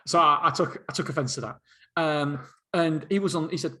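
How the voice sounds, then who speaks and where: A man's voice: a little high, a little slow, bright, forceful tone. Rambling middle-aged man. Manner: rambling, self-interrupting, laughs at himself. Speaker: podcast host. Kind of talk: casual solo podcast storytelling.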